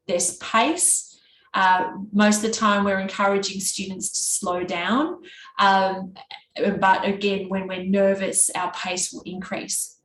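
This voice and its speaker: A woman's voice: medium pitch, takes it slowly. Nasal Australian woman giving a workshop talk. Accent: Australian East Coast. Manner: can be monotone; conversational, with fillers and restarts. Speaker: workshop presenter. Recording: echoey room with faint background noise.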